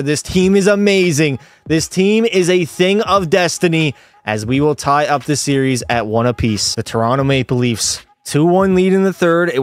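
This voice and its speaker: Young guy calling his hockey game, voice sits a bit high, gets loud and excited. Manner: excitable, yells in frustration at plays. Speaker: gaming YouTuber. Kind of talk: live hockey game commentary.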